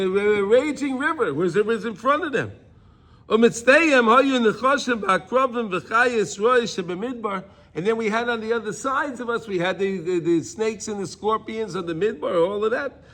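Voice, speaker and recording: Man, high-pitched, Torah class, reads and translates, restarts a lot, animated. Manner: reads Hebrew text then explains it in English, with many restarts and repetitions; animated, cries out loudly when acting out a prayer. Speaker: Torah teacher.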